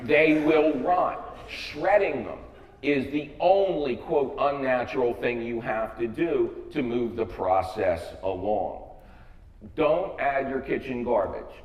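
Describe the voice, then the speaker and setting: A man's voice: medium pitch, slow pace, dull audio, a little hiss or hum. An older man with an American accent gives a wry, joking talk with punchy emphasis. His voice sits in a middle register and comes from some distance away. It rings through a large hall with a long, echoey tail. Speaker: speaker giving a talk. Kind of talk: humorous public talk.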